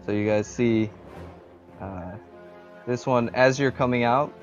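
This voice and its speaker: A man's voice: medium pitch, a little slow, soft background music. Laid-back male game master on a headset. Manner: relaxed, explains rules with many fillers. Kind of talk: narrating a tabletop game over voice chat. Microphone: headset microphone. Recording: dull, slightly muffled lo-fi voice chat.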